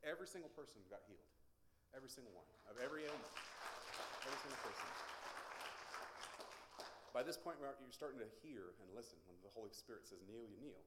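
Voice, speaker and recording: A man's voice: mid-range voice, fast, pauses often, echoey room, a loud crowd, very noisy. A man giving a sermon testimony, telling stories and acting out the voices in them. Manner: animated storytelling, acts out quotes.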